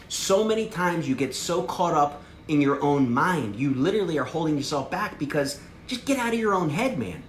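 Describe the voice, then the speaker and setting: A man's voice: on the high side, very animated, moderate pace, slight background noise. A man giving a brash, slangy sales training talk to a group. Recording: echoey room with faint ambience.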